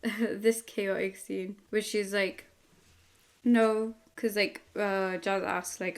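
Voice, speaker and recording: Woman vlogger, tired, gravelly fry, rambling casual chat with constant "like"s, home studio. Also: medium pitch, little pitch movement, takes it slowly. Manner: rambling, many filler "like"s. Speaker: webcomic artist.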